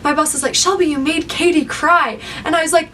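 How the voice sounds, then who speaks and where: Bright, high-voiced young woman telling a story. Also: fairly quick. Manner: animated storyteller, acts out quotes. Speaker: vlogger. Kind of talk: casual storytime chat. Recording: slightly distant mic, faint background noise.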